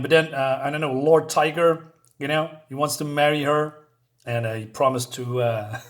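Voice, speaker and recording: A man casually retelling and reviewing a comic book, rambling along with fillers and small chuckles. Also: mid-range voice.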